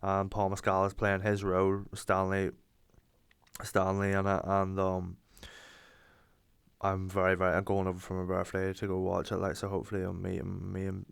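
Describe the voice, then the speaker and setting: Rambling young Irish man, smooth and dry. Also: low-pitched, normal speed, no echo. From Ireland. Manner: rambling, excitable, swears, acts out imagined dialogue. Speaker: podcast host. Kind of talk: casual monologue.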